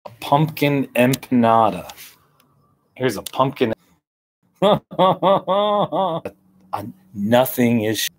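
A man live-streaming from a hammock outdoors, chatting casually and rambling with a relaxed, drawn-out manner. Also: mid-range voice.

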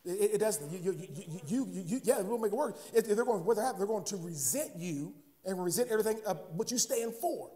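High-voiced preaching pastor, calling out. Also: male voice, animated, fast talker, hardly any pauses, dark tone. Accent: American. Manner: repeats words, asks "huh?" to the congregation. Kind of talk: sermon.

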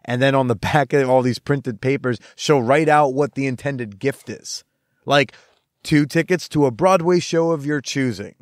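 A young man hosting a podcast, telling stories in a casual, animated way, with lots of swearing and quick asides. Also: mid-range voice, no room sound, studio quality. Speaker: podcast host. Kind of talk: casual storytelling monologue.

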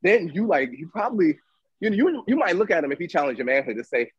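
A man co-hosting a casual debate chat, telling animated stories and acting out what others said. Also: on the high side, fast talker, husky, muffled recording. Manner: animated storytelling, acts out quoted voices. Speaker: podcast co-host.

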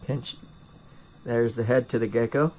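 A middle-aged man with a North Carolina accent chats through a live glassblowing demo at a mid-range pitch. He rambles, restarts his sentences and makes fun of himself as he answers viewers. The sound comes from a first-person camera mic at his home torch bench. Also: steady tone, a little slow, darkish tone, slight background noise. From North Carolina, USA. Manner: rambling and self-deprecating, with frequent restarts. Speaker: glassblower streaming torch demos.

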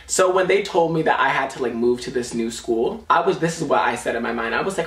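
A man's voice: medium pitch, lively intonation, fast talker, few pauses, fairly bright tone. A young man tells a story from his school days in a sassy, dramatic vlog voice full of swearing. His voice sits in the middle range, and the recording has a roomy echo with the mic set some distance away. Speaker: vlogger.

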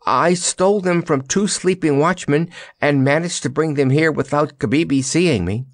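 A man's voice: fairly high pitch, normal speed, dry recording, studio quality, voice pushed up, close to an everyday voice. A man voicing a timid, loyal young boy messenger in a storybook reading. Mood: timid earnest.

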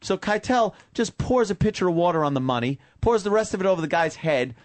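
A man's voice: sits high, lively intonation, a little fast, no room sound. A man hosting a radio talk show, swearing as he rants with irritation. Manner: profane, irritated ranting. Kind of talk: casual radio banter.

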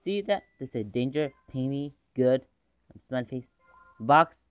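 A man casually commentating his own game match, rambling between calls and excitable in fights. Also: medium pitch, a little slow, smooth. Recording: dull lo-fi recording.

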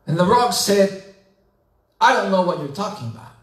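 A man pastor preaching a sermon, retelling scripture slowly and dramatically, building to emphatic questions. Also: high voice, animated, fairly bright tone, reverberant, far from the mic. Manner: slow, dramatic storytelling with rising emphatic questions. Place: church sanctuary.

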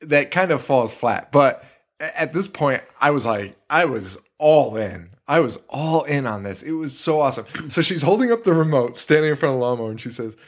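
Male podcast co-host, casual, animated storyteller. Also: medium pitch, a little fast. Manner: animated, retells scenes with quoted voices. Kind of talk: casual chat.

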